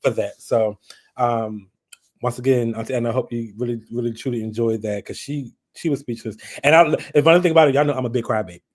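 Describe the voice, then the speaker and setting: A man's voice: mid-range voice, fast. Chatty man hosting a live stream. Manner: chatty, laughing, lively retelling. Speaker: livestream host. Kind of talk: casual live chat.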